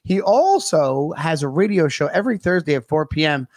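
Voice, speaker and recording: A man's voice: on the high side, sing-song, normal speed, a little mellow, dry recording, studio quality. A man co-hosting a podcast in casual, jokey chat. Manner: jokey, laughs often. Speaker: podcast co-host.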